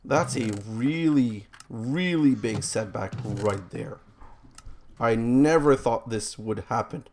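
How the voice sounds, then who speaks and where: A man's voice: mid-range voice, takes it slowly, darkish tone, a little hiss or hum. A man giving rambling, self-mocking let's play commentary as he plays a game, groaning about his own mistakes.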